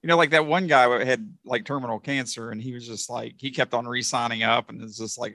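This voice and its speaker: Halting man, bright dry voice. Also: mid-range voice, steady tone, no room sound. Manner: halting, many fillers and restarts. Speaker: podcast co-host. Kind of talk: casual movie review chat.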